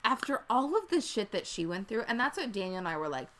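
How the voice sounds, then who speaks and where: A woman's voice: medium pitch, very animated, quick pace, fairly bright tone. A woman co-hosting a casual chat, rambling and profane, often restarting her sentences.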